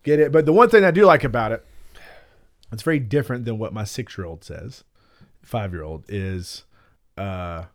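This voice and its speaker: A man's voice: lowish voice, lively intonation, moderate pace, long pauses. A man in his thirties co-hosting a podcast, telling a rambling family story with lots of "like" and then moving into Bible teaching. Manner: rambling storyteller, acts out quotes with many "like"s. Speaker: podcast co-host. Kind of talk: casual chat and Bible teaching.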